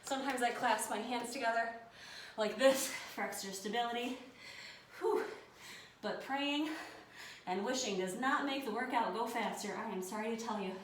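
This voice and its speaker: A woman's voice: a little high, moderate pace. Breathless woman coaching a workout, echoey. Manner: panting, encouraging countdowns. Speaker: fitness instructor. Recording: echoey room from far off, noisy.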